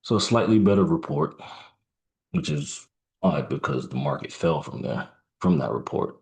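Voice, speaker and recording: Very deep gravelly-voiced man. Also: animated, darkish tone. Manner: halting, musing aloud with fillers and restarts. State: yawning, tired. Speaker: trader. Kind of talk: live trading commentary.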